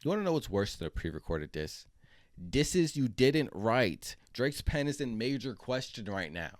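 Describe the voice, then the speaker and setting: A man's voice: fairly low pitch, big pitch swings, fairly quick, no room sound. Blunt sarcastic male commentator, dry sound. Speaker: commentary video host. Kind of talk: opinionated commentary.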